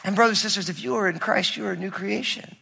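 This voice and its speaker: High, bright-voiced preacher in a hall. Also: male voice, fast talker, creaky, a faint crowd, a little hiss or hum. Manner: storytelling, builds to loud emphatic preaching. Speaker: pastor. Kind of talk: sermon. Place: church sanctuary with congregation. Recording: long reverb of a large hall.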